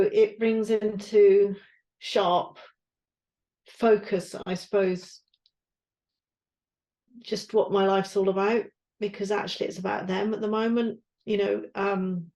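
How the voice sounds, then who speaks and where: A woman's voice: mid-range voice, warm tone, rough recording. A woman co-hosting a podcast, talking candidly and searchingly, swearing and trailing off mid-thought. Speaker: podcast co-host, guesthouse owner. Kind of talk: candid casual chat.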